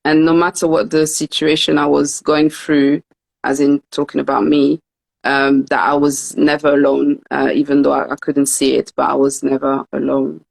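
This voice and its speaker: A woman's voice: deep voice, monotone, moderate pace, vocal fry. A young woman hosting a heartfelt interview, speaking earnestly with frequent stammers and repeated words, and translating her guest's French into English. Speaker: author and host. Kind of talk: emotional interview and live translation.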